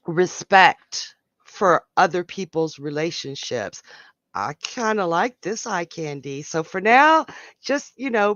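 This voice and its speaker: A man's voice: on the high side, fairly bright tone, no room sound, highs cut off. A man hosting a live psychic show, giving a tarot reading and chatting with viewers as he reads out their comments. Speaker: psychic host.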